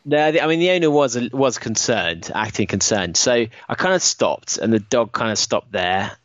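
A man hosting a podcast, telling a running story in a casual, animated way. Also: medium pitch, normal speed, dry recording, lo-fi sound. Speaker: podcast host. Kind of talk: casual chat.

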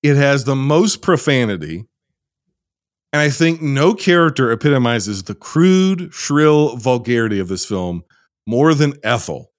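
Sardonic, animated male podcast host. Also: mid-range voice, measured pace, no echo, clean studio sound. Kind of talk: casual chat.

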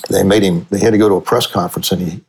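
A middle-aged man, a sportswriter and author, telling long anecdotes in a relaxed conversational way, restarting his sentences often. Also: low voice, very fast, breathy edge, poor audio. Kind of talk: conversational storytelling.

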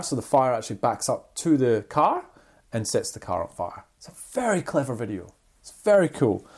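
Animated podcast co-host, lively pitch. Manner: animated, rambling with restarts and sound effects. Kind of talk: casual storytelling chat.

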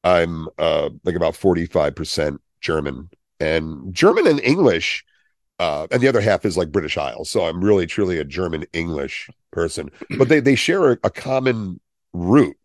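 Male podcast co-host, 50s, very low voice, jokey tangents, dry booth. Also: animated, moderate pace, no echo. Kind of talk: casual chat.

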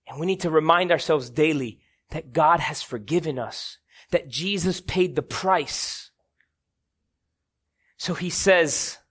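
A man's voice: on the high side, sharp tone. A man preaching a sermon, telling stories dramatically and building to emphatic peaks.

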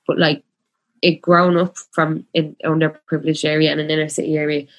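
A woman in her twenties with a Dublin accent, chatting casually. Her voice sits a little low, and she talks with passion, packing her speech with fillers. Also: flat delivery, brisk, muffled recording. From Ireland. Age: 20s. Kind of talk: casual chat.

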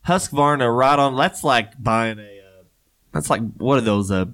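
A man's voice: mid-range voice, unhurried, a bit bright. Guy hosting a chatty show, reads weird news, cracks jokes, medium voice. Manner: joking, laughs often, rambling asides. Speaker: podcast co-host. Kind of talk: casual chat reading news stories.

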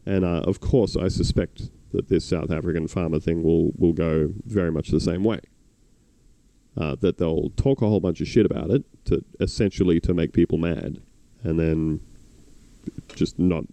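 A man's voice: sits low, steady tone, normal speed, creaky, dark tone, dry recording. An Australian man hosting a podcast, talking in a sardonic, rambling way with many restarts. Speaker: podcast host. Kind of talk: casual chat.

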